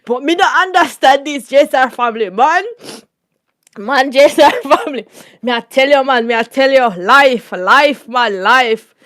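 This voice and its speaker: A woman with a Jamaican accent hosting a casual storytime chat, animated and laughing often. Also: sits high, moderate pace, dry recording, studio quality. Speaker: channel host.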